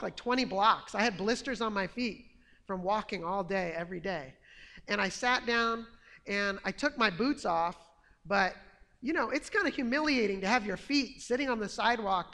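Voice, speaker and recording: A man telling a personal testimony story in an earnest, animated way. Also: high voice, creaky, big-room sound. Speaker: testimony speaker.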